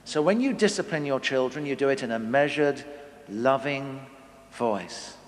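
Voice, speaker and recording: A middle-aged man giving a humorous family talk to a live audience, acting out scolding parents. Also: measured pace. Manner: animated, acts out scolding parents with big pitch jumps. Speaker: conference speaker. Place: large hall. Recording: long reverb of a big hall.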